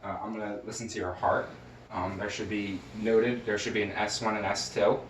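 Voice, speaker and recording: A man's voice: fairly low pitch, flat delivery, normal speed, slight background noise. A man demonstrating a head-to-toe health assessment, talking through each step with many fillers and restarts. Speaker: nursing student. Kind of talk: narrated clinical skills demonstration. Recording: roomy sound from a distant mic.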